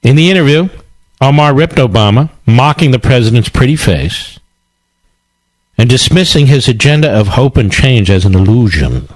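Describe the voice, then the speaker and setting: A man's voice: medium pitch, animated, moderate pace, no room sound, low-quality recording. A male radio talk show host delivering a combative, sarcastic political monologue with emphatic repetition.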